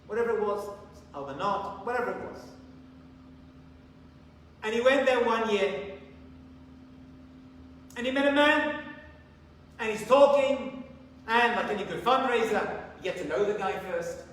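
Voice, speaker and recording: Rabbi preacher, high-voiced, telling stories with acted-out lines, recorded far off in a big reverberant hall. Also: male voice, measured pace, pauses often, a little hiss or hum. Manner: animated storyteller, acts out dialogue. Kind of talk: sermon with storytelling. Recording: echoey hall from far off, faint ambience.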